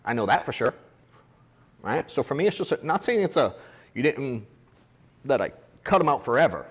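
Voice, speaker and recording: A man's voice: medium pitch, big pitch swings, normal speed, husky, long reverb tail. A man who runs an agency, coaching his agents in a casual, blunt way with the odd swear word. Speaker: agency owner training agents. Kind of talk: casual coaching talk to a room. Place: office meeting room.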